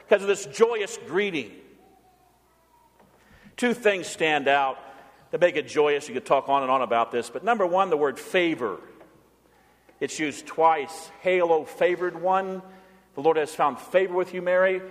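A man preaching a sermon as pastor, animated, asking his congregation questions and getting them to answer. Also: high voice, moderate pace, in a large hall. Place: church sanctuary.

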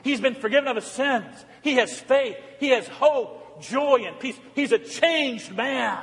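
A male pastor with a high voice preaches emphatically, firing rhetorical questions at his congregation. His words ring out with a long reverb from the church around him. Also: measured pace, a bit bright. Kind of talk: sermon. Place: church sanctuary.

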